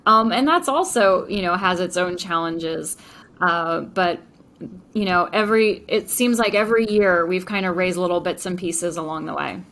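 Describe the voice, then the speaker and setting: A woman's voice: lowish voice, moderate pace, a bit bright. A woman entrepreneur speaking as a podcast guest, enthusiastic and chatty, with frequent fillers. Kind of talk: podcast interview.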